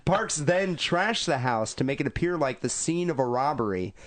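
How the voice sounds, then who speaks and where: A man co-hosting a podcast talks in a mid-pitched, ordinary voice. His retelling is casual and irreverent, full of dark jokes. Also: lively intonation, moderate pace, crowd noise. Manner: joking, irreverent. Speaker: podcast co-host. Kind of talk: casual chat, retelling a news story.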